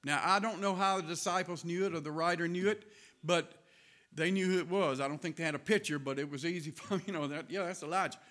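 A man's voice: on the high side, fast, a bit bright. A man with a Southern US accent preaching a sermon in a folksy storytelling way, laughing as he goes.

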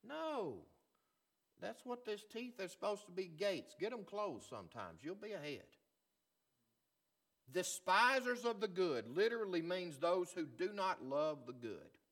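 A man preaching a sermon as pastor, swinging from loud emphatic lines to quiet, low ones. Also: big pitch swings, unhurried.

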